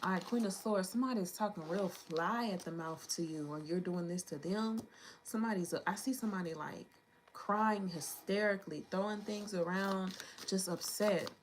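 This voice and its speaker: Woman, tarot reader, casual and slangy, mid-pitched voice, clicks and card shuffling clearly heard. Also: normal speed, slight background noise, poor audio. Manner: chatty, slangy, thinking aloud.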